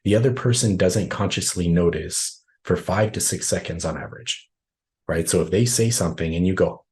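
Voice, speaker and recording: Deep-voiced man explaining on a video call. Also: moderate pace, a little mellow. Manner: conversational, explains with frequent "right?" tags. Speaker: workshop trainer. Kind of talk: live online workshop Q&A.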